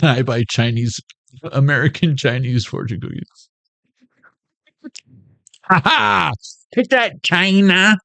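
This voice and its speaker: A man's voice: a little high, slow pace, creaky, pauses often, bright, forceful tone, no echo. A man hosting a casual tarot reading vlog, full of playful jokes and asides. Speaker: tarot reader.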